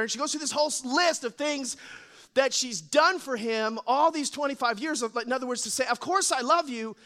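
A man preaching with a very high, bright, sharp voice. He tells stories in an animated way, acting out the lines of the people in them and adding playful asides. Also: fairly quick. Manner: animated storytelling, acts out quotes, playful asides. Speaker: pastor. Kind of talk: sermon.

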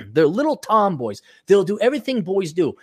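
A man's voice: high-pitched, huge pitch swings, moderate pace, breathy edge, no echo, clean studio sound. A man hosting a rambling livestream, talking crudely and ranting, and acting out other people's voices in quotes. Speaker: show host reading superchats.

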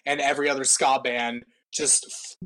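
A man's voice: medium pitch, little pitch movement, normal speed, bright, forceful tone, a little hiss or hum. A man co-hosting a podcast in casual chat, riffing with sarcastic jokes. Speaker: podcast co-host.

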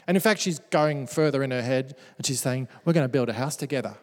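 A man's voice: mid-range voice, quick pace. A man preaching a sermon who reads verses aloud and breaks into playful, joking asides. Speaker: pastor. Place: church hall. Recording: church hall with long reverb.

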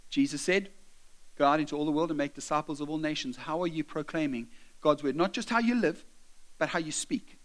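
A middle-aged man preaching a sermon, urging his listeners directly and slipping into conversational asides and stories. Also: on the high side.

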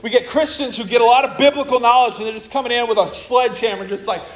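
A man preaching a sermon in an animated way, with joking asides and acted-out quotes. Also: extremely high pitch, fast talker, poor audio. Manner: animated, jokey asides, acts out quoted people.

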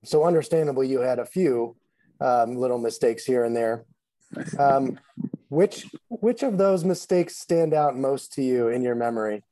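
A man hosting a podcast interview, asking measured questions with some halting repeats. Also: medium pitch, warm tone, dry recording, low-quality recording. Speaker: podcast host.

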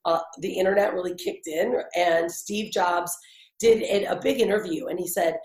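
A woman in her forties telling her life story in an interview, chatty and animated, with many fillers and restarts. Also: lowish voice, normal speed, roomy sound. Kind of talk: conversational storytelling.

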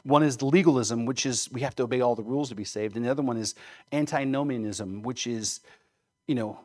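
A man's voice: mid-range voice, a little fast, darkish tone. A male pastor preaching a sermon, emphatic, often checking in with rhetorical questions.

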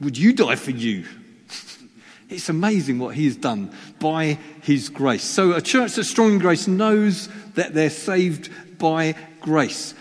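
A male preacher giving a chatty sermon, teasing the congregation and poking fun at himself. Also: on the high side. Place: church hall. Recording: long reverb of a church hall.

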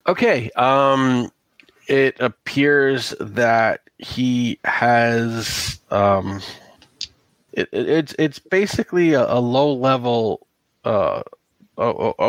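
A man narrating a tabletop role-playing game as game master, talking in a halting way with many restarts and fillers. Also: mid-range voice, fairly bright tone, dry recording.

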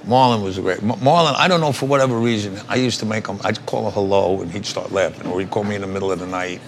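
A man's voice: on the low side, fast, a little hiss or hum. An older man, an actor being interviewed, telling rambling, salty stories and laughing as he goes. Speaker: actor guest. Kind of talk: casual anecdotal storytelling.

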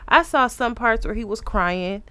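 A woman's voice: fairly high pitch, expressive, unhurried, bright, forceful tone, smooth, no room sound. A woman co-hosting a podcast, frank, chiming in with brief remarks in casual chat. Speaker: podcast co-host.

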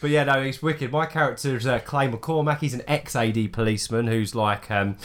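A man chats on a podcast at a quick clip, full of enthusiasm. He talks about play with easy laughs, and his voice sits at a middle pitch. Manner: fast, enthusiastic, laughs often. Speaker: player and podcast co-host. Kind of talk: casual podcast chat.

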